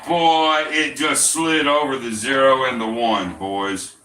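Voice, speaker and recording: Slow-talking blunt, profane man. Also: medium pitch, steady tone, pushed and bright, slight background noise. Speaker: gambling show host. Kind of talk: casual instructional talk. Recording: roomy, distant mic, faint ambience.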